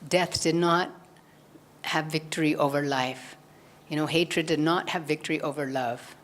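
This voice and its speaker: A woman's voice: deep voice, fairly even intonation, unhurried. A woman giving a spiritual satsang talk, earnestly retelling a gospel story and acting out the quoted lines. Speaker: satsang speaker.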